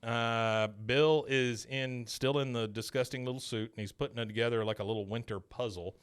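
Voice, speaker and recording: A man's voice: mid-range voice, normal speed, clear, resonant tone, no room sound. Rambling male podcast host, dry mic. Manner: animated storyteller, loose and rambling with filler words. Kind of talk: casual episode recap chat.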